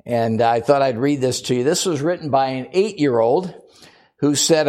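An older man speaks from a church pulpit in a relaxed, folksy way. He tells gentle jokes, chuckles at his own punchlines, and keeps the congregation at ease before his sermon. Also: medium pitch, normal speed. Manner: humorous, chatty, laughs at his own jokes. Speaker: guest preacher. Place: church sanctuary.

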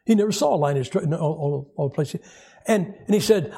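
A middle-aged man preaching a sermon, telling stories in a wry, animated way with a husky voice. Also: fairly high pitch, a little fast. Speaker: pastor.

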